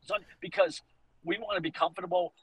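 A man in his fifties with a Boston accent, a fitness coach talking on a podcast, animated and motivational, acting out quoted lines as he tells stories. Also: high-pitched, quick pace, slightly rough, rough recording. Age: 50s. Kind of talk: casual podcast conversation.

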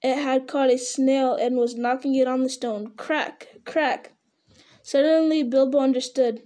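A woman's voice: sits high, steady tone, normal speed, warm tone. A woman reading a novel aloud in an unpolished way, stumbling over words and restarting them. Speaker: reader.

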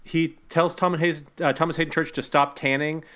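A man co-hosting a casual movie-review podcast, animated and indignant, with many stumbling restarts. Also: on the high side, brisk. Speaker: podcast co-host.

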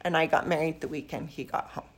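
An older woman with a fairly low voice tells stories from her youth in a relaxed family interview. She slips into the voices of the people she quotes, which keeps her telling lively. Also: fast, crowd noise. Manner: lively storyteller who acts out quoted dialogue. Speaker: grandmother being interviewed. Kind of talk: casual storytelling interview.

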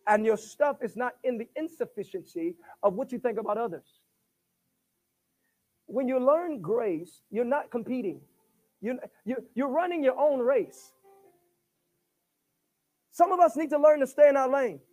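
Very high-voiced preacher man. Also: expressive, a little slow, long pauses, a little mellow, soft background music. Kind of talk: sermon.

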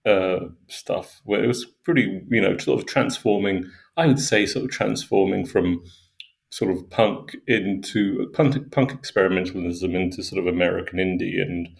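A man's voice: low voice, steady tone, measured pace, creaky. A middle-aged man co-hosting a podcast, chatting casually and hesitantly, full of fillers as he searches for words. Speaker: podcast co-host. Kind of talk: casual chat.

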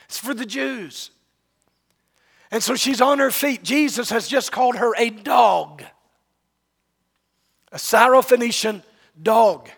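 A man's voice: very high voice, takes it slowly, gravelly, pauses often, fairly bright tone, husky. A man preaching a sermon, telling a Bible story dramatically and acting out the voices of its people. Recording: long reverb of a large hall.

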